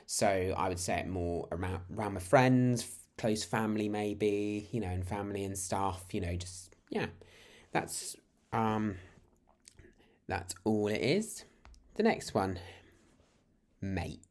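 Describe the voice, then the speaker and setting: A man's voice: fairly low pitch, animated, slow pace, long pauses. A British man from the United Kingdom giving a casual, chatty lesson to camera. He rambles and restarts his sentences often. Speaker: language teacher.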